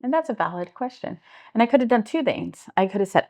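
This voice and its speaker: A woman's voice: a little high, fast talker. A middle-aged woman with a Midwestern American accent, a homeless services director telling stories earnestly in an interview, acting out the people she quotes. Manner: earnest, animated retelling with acted-out quotes. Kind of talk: interview storytelling.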